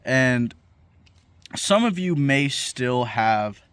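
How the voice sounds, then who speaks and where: A man's voice: medium pitch, expressive, drawn-out words, fairly bright tone, clean tone. A young man talking to camera in a profane, incredulous comedic rant, swearing freely as he riffs. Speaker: vlogger.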